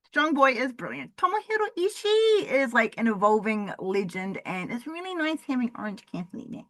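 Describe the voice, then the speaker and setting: A woman hosting a solo wrestling review podcast, excitable and profane, swinging from loud bursts to low mutters, her voice going hoarse. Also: moderate pace, no echo. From Southern Hemisphere. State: losing her voice. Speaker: podcast host.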